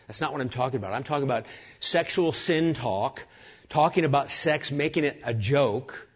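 A man's voice: medium pitch, normal speed, husky, muffled recording. A man preaching a sermon as pastor, earnest and emphatic, piling up lists of words.

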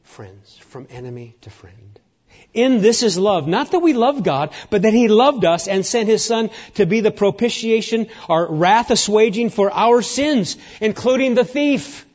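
A man preaching a sermon, emphatic and rousing, sometimes dropping to a hushed near-whisper. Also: high voice, expressive, unhurried, dull audio. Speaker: pastor.

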